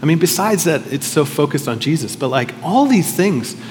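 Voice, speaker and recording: A man's voice: a little high, lively intonation, moderate pace, music in the background. Conversational male pastor in a reverberant hall. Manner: conversational, reflective, self-questioning. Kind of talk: sermon.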